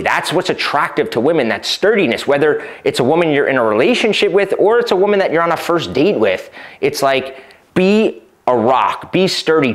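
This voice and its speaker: A male dating coach who talks in an easy, conversational way at a middle pitch. He keeps checking in with "right?" and acts out short exchanges in between. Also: a bit bright. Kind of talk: advice talk to camera.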